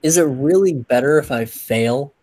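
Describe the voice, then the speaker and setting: A man's voice: mid-range voice, normal speed, darkish tone, dry recording, low-quality recording. A man co-hosting a podcast in casual chat, making his case point by point. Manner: argumentative, reasoning point by point. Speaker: podcast co-host.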